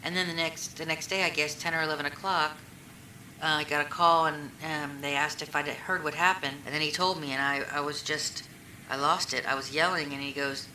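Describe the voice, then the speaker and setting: A woman's voice: sits low, steady tone, a little fast, pushed and bright. A woman answering questions in a recorded police interview, rambling and retelling old conversations with lots of fillers. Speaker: witness being questioned. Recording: echoey room recording, faint hiss.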